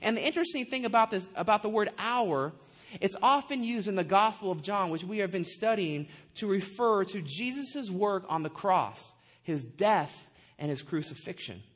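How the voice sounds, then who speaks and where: A man preaching a sermon, animated and conversational, with frequent asides and questions to the congregation. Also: high voice, normal speed. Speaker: pastor.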